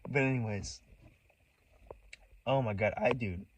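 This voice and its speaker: A man's voice: mid-range voice, a little slow, noisy background. A man telling a personal story in a casual monologue, agitated and profane, rambling with many restarts. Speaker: vlogger.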